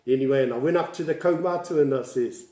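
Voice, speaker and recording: A man's voice: medium pitch, fast talker, mellow, echoey room. A man with a New Zealand accent, a Māori language tutor telling stories in a casual livestream lesson, chatty and laughing often.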